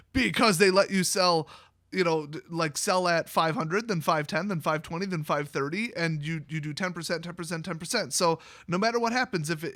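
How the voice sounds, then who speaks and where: A man's voice: on the high side, a bit bright, dry recording, studio quality. A young man from Wisconsin giving blunt, sarcastic solo commentary as a card game video host.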